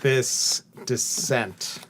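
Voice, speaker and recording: A man co-hosting a stream, thinking aloud as he plays a card game and narrating each move deliberately in casual chat. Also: mid-range voice, fairly bright tone, a little hiss or hum. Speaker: co-host and card game player.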